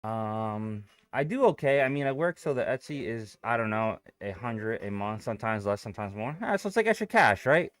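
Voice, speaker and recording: A young man talks loosely into a close desk mic, thinking aloud and cursing as he goes. His pitch swings around a lot, and the sound is dry and close. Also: expressive, moderate pace, hardly any pauses, fairly bright tone, clean tone, no room sound. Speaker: day trading streamer. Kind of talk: casual live-stream chat, reading viewer comments.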